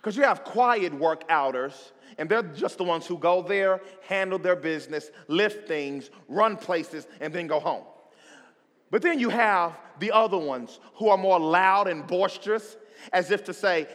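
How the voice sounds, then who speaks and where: Brief: male stand-up comic, high voice with lively swings, acts out scenes. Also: measured pace. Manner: animated, acts out scenes with sound effects. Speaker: stand-up comedian. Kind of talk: stand-up storytelling. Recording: echoey hall.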